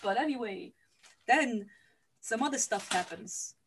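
A woman's voice: a little high, expressive, measured pace, a little hiss or hum. A woman host retelling a movie plot for laughs, chatty, laughing often and swearing casually. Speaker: podcast host. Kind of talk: comedic movie recap.

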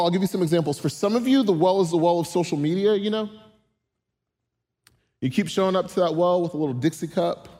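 Emphatic preacher in a ringing hall. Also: male voice, high-pitched, mellow. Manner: emphatic, builds to slow stressed lists. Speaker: pastor. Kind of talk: sermon.

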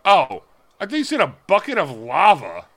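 A man with a bright, forceful voice that swings widely in pitch as he trades jokes. He co-hosts a casual podcast and keeps digging in stubbornly for the laugh. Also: wildly swooping pitch, normal speed, slight background noise. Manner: joking, playfully stubborn. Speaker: podcast co-host. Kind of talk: casual banter.

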